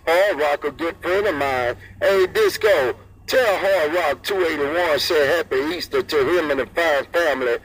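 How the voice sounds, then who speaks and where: A man's voice: a little high, measured pace, hardly any pauses, fairly bright tone, slight background noise, low-quality recording. A man chatting over CB radio in a sing-song, repetitive rhythm, repeating call signs and friendly sign-offs. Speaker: CB radio operator. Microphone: CB radio handset.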